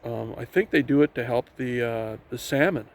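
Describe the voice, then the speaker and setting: In a mid-range voice at normal speed, a vlogger casually talks viewers through his walk on a forest trail next to a river. He rambles, leans on fillers, and often restarts, while wind and the river make the outdoor audio noisy.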